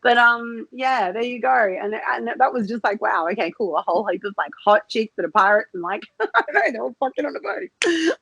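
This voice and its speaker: A woman's voice: fairly high pitch, expressive, fairly quick, gravelly, fairly bright tone, husky, no echo, rough recording. A woman guest in a casual interview who giggles often as she talks. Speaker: interview guest, cam model.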